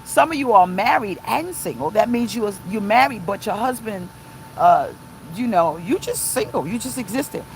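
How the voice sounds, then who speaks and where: Middle-aged woman pastor, mid-pitched, impassioned live-stream preacher in a parked car, faint vehicle rumble. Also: expressive, normal speed, poor audio. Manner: impassioned, emphatic, repetitive preaching. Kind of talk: live-streamed sermon reading viewer comments. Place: inside a car.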